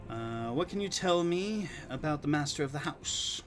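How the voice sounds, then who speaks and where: A man's voice: fairly high pitch, expressive, normal speed, hardly any pauses, music in the background. A man reading dialogue in a game playthrough and talking fondly to his cat between lines. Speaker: game streamer.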